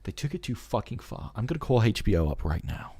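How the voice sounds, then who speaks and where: Animated, profane male streamer. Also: fairly low pitch, fast talker, breathy edge. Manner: profane, exasperated ranting. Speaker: streamer and show host. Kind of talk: casual live-stream chat.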